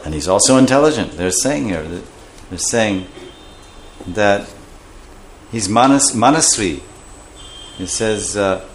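A man's voice: mid-range voice, slight background noise. A man giving a scripture class, explaining terms and acting out voices. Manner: animated, acts out voices while explaining terms. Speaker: scripture teacher.

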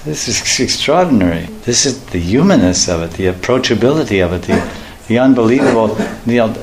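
A man preaching a storytelling sermon, animated and often laughing as he acts out the voices in his story, in an echoey room. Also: mid-range voice, a little fast, background noise.

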